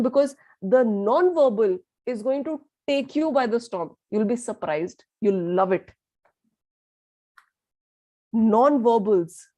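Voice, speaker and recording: A young woman with an Indian accent teaching an online lesson in a lively way, mixing in Hindi and asking her listeners questions. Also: on the high side, no room sound. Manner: lively, switches between English and Hindi, asks the audience questions. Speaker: communication skills teacher.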